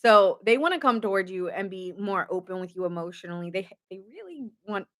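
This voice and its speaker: A woman's voice: mid-range voice, expressive, brisk, a bit bright. Woman tarot reader, casual late-night reading, playful and jokey, mid-range voice. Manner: goofy and chatty, jokes and giggles often.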